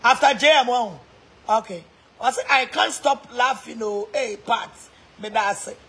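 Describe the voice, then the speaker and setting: A woman's voice: a little high, moderate pace, sharp tone, breathy edge. A Ghanaian woman mixing Twi and English in a mocking, laughing rant, taunting people online. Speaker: social media personality. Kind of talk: mocking live-stream rant.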